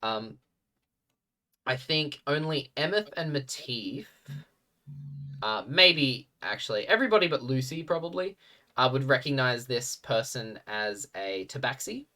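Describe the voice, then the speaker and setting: A man narrating as game master of a tabletop game, halting and full of fillers. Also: medium pitch, expressive, pushed and bright, recorded from a distance.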